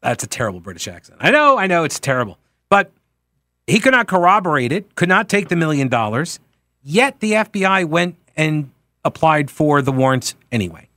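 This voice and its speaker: A man with a fairly high voice delivers a political talk radio monologue. He is emphatic and conversational, and he corrects himself on air. The sound is dry and close, with no room around it. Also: very animated, fairly quick, pushed and bright, no room sound. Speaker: radio talk show host.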